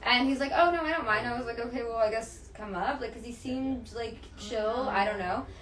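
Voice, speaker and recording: A woman's voice: fairly high pitch, fairly even intonation, normal speed, a bit bright. A woman telling a story in casual chat, swearing freely and acting out what others said. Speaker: podcast guest, dominatrix. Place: room with several people. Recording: echoey room, mic at a distance.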